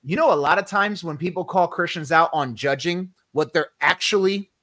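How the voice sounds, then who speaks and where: Man, casual faith podcast, emphatic preaching tone, slangy, slightly high voice, dry close sound. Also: moderate pace, a bit bright, dry recording. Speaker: podcast co-host.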